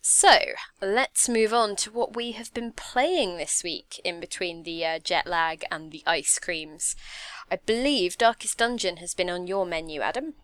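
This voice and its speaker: A woman hosting a casual games podcast, moving the talk along briskly. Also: on the low side, a bit bright, no room sound. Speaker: podcast host. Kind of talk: casual chat.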